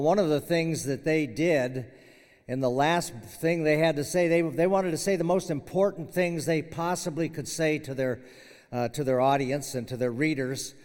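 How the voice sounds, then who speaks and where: A man's voice: a little high, moderate pace, darkish tone. An older man, a retiring professor, giving a conversational farewell chapel sermon with frequent fillers and restarts. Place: university chapel hall. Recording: long hall reverb.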